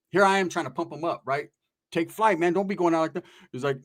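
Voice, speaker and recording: A man spinning a story at a rapid clip, his voice sitting a touch higher than most men's. He rambles, swears freely and stays animated throughout. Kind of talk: casual storytelling.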